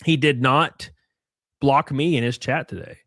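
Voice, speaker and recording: A young man streams from home, talking casually into a close desk mic. His tone is mocking and sarcastic, and he swears freely. His voice sits at an ordinary middle pitch, and the sound is dry, with no room echo. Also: unhurried, a bit bright. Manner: thanks viewers for gifted subs. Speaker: live stream host.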